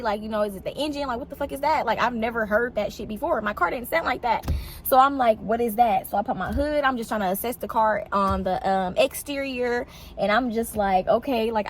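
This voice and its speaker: A young woman vlogging casually, telling an animated story full of fillers and swearing. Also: slight background noise. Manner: animated, swearing, filler-heavy, pitch jumps on exclamations. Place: outdoors in shade.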